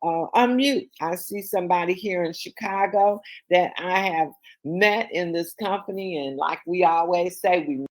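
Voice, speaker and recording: A woman's voice: lowish voice, measured pace. A woman hosting an online team meeting, upbeat and encouraging, calling on members by name over a video call.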